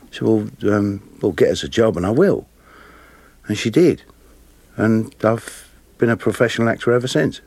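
A man with a Cockney accent, a guest actor telling lively anecdotes with frequent laughter. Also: fairly low pitch, moderate pace, husky, dry recording. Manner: animated, laughing often, plays voices in his stories. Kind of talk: storytelling interview anecdotes.

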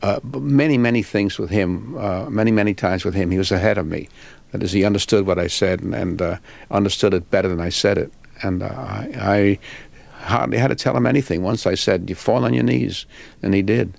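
An older man, a film director, answering interview questions in an unhurried, halting, reflective way. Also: fairly low pitch, creaky, no echo. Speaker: film and stage director, guest.

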